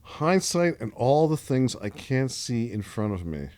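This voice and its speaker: An older man speaks as a podcast guest in a dry, deadpan, musing way, often restarting his sentences. His voice sits at an ordinary middle pitch. The studio sound is close and dry, with no room echo. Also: a little slow. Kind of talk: casual podcast conversation.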